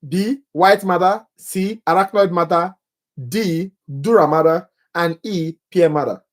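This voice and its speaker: A man's voice: high-pitched, unhurried. A man leading a live nursing exam-prep review, reading quiz questions and answer options aloud to viewers and joking about his own accent.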